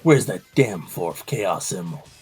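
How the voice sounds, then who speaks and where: A streamer putting on a gruff, lowered voice to play a brooding male hedgehog rival, reciting smug catchphrases in a game stream. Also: expressive, a little slow, a little mellow, faint music behind, heavily acted. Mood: grumbling.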